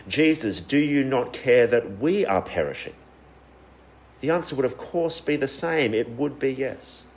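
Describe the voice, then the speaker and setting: A man's voice: medium pitch, a little hiss or hum. A man preaching a sermon in an earnest tone, with frequent fillers and shifting emphasis.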